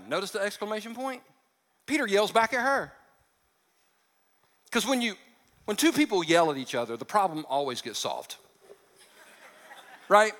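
A male pastor delivering a lively sermon with a high, bright voice that keeps breaking into jokes. His words carry a long reverb, as if spoken in a large church sanctuary. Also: moderate pace, long pauses. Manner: animated, joking asides, acts out quotes.

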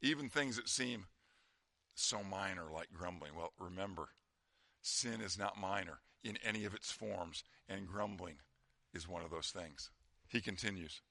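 A man preaching a sermon as pastor, talking conversationally and dropping to a quiet voice for emphasis. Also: lowish voice, animated, normal speed, no room sound, studio quality.

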